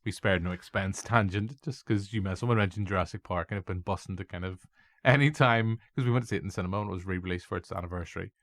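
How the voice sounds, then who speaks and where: A man with a Northern Irish accent co-hosting a podcast, rambling and excitable, swearing and going off on tangents. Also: low voice, quick pace, no room sound. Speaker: podcast co-host. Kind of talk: casual chat.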